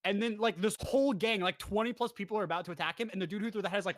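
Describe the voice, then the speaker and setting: A young man casually recapping a show for his co-hosts, rambling and jokey, slipping into quick character voices. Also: sits high, a bit bright, no room sound. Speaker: podcast host presenting slides.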